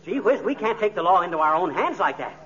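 A man playing an excitable, boastful, suspicious husband in a 1940s radio comedy, with a folksy, blustering delivery. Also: sits high, fast talker, slightly rough, full character voice. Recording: dull lo-fi old radio recording with faint hiss.

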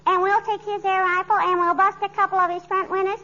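Radio-comedy kid role: an insistent little girl, very high and bright, on a lo-fi recording. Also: flat delivery, fast talker. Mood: eager. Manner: eager, insistent, scheming. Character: pert persistent little girl neighbor. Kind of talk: 1940s radio comedy acting. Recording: dull lo-fi old radio recording with faint hiss.

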